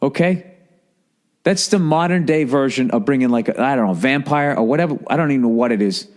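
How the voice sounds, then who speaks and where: A man, talking in a rambling, profane, animated monologue as a podcast host. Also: medium pitch, brisk. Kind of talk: casual monologue.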